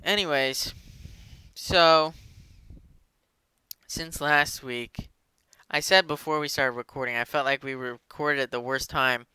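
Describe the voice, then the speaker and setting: A man's voice: mid-range voice, fairly even intonation, takes it slowly, long pauses, sharp tone, clear, resonant tone, no echo. A man hosting a casual podcast, chatting in a rambling, joking way. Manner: rambling, joking, full of fillers. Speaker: podcast host. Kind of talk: casual chat.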